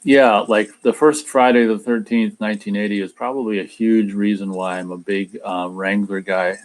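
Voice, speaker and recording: Male host, lowish voice, casual and rambling, reads chat comments and restarts his sentences a lot. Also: fairly even intonation, normal speed. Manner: rambling, repeats words when starting sentences; tries a mock Australian accent in a few short bits. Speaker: radio show host reading live chat.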